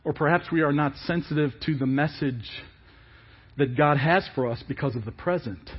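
A male pastor preaching a sermon in an animated way, asking many rhetorical questions. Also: on the high side, moderate pace, breathy edge, muffled recording.

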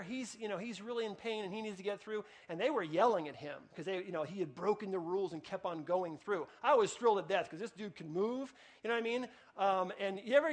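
A middle-aged pastor preaches to his congregation, sharing a personal story conversationally and dropping to a hush when he prays. His voice sits high.

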